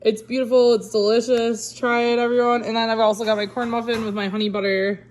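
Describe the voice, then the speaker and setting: A woman's voice: fairly high pitch, little pitch movement, brisk, darkish tone, a little hiss or hum. A middle-aged woman chatting casually to viewers while cooking in her home kitchen. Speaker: cooking vlogger.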